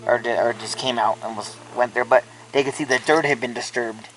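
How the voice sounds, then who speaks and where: A man's voice: medium pitch, steady tone, a little fast, fairly bright tone, faint music behind, low-quality recording. A man casually telling a ghost story, rambling with lots of filler words and restarts.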